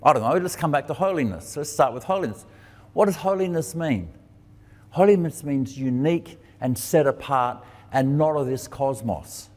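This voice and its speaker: A preacher and teacher with a higher, animated, darkish voice delivers a conversational sermon at normal speed. He asks questions and answers them himself, changing his voice to act out quoted dialogue, and a hall's long reverb surrounds him.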